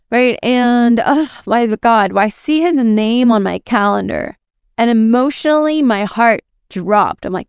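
A woman coach speaks straight to other women in a candid, affirming motivational talk. Her voice is very smooth and clear, with a gravelly fry edging into her phrases. She keeps it casual and scattered with fillers, and the sound is close and dry. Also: mid-range voice, moderate pace, dry recording.

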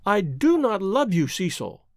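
A man's voice: high voice, very animated, unhurried, no echo, clean studio sound, full character voice. Man reading as a proud, torn young woman. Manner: earnest, proud. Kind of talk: audiobook character reading.

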